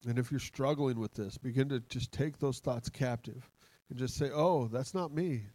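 An excitable male pastor preaching with passion, his voice sitting at an ordinary middle pitch. He laughs easily and talks straight to his congregation. The sound is dry and close, with little room echo. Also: normal speed. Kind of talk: sermon. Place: church.

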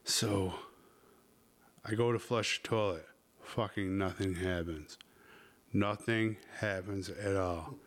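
A man's voice: fairly low pitch, a bit bright. Crude rambling podcast man. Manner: crude, rambling, heavy swearing. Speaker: podcast host. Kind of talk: casual storytelling.

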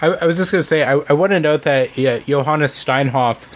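A man co-hosting a casual podcast, adding side facts in a halting way with many ums. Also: a little high, a little hiss or hum. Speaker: podcast co-host.

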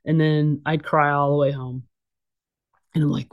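Speaking a little slowly in a low, flat voice, a middle-aged woman tells candid stories as an interview guest. She's blunt and casual, full of fillers and restarts, and the audio sounds dull.

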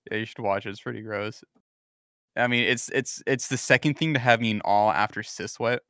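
Blunt, foul-mouthed man with a low voice. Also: brisk, a bit bright, no room sound, clean studio sound. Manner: crude, ranting, swears a lot. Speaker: podcast co-host. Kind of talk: casual chat.

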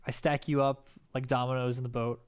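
A young man co-hosting a relaxed podcast chat. He rambles and hesitates, restarting phrases as he makes things up on the spot. His voice sits at an ordinary mid pitch. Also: a little fast, clear, resonant tone. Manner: rambling, hesitant, restarts often while improvising. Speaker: podcast co-host. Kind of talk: casual chat.

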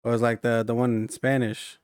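A man's voice: medium pitch, little pitch movement, brisk, a little mellow, clear, resonant tone, no room sound, clean studio sound. A young man joking around in casual chat with friends, slangy and laughing.

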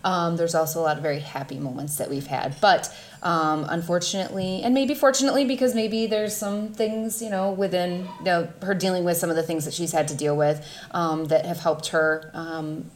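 Woman cohost, lowish voice, easygoing and supportive, casual podcast chat. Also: steady tone, brisk. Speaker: podcast co-host.

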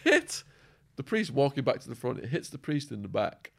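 A man guest in an interview, telling stories animatedly and acting out quotes, his voice going hoarse. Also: mid-range voice, expressive, fast, darkish tone. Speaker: podcast guest. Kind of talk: storytelling in an interview.

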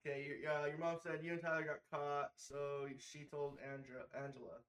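Young guy co-host, slightly higher voice, laughs and chimes in. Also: little pitch movement, normal speed, a bit bright, low-quality recording. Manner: laughing, chiming in with his own memories. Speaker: podcast co-host. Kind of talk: casual chat.

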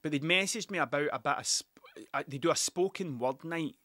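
A man's voice: on the high side, a little fast, bright, forceful tone, no echo, studio quality. A Scottish man, a musician, telling rambling, sweary stories about gigs in a casual monologue, often laughing at himself.

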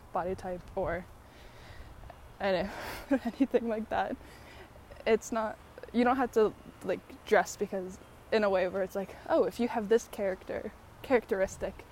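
A woman talking casually to her viewers while walking outdoors, out of breath and breathy, rambling with lots of fillers and little laughs. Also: mid-range voice, darkish tone, a little hiss or hum. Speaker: vlogger. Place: outdoors on a walk, birds about.

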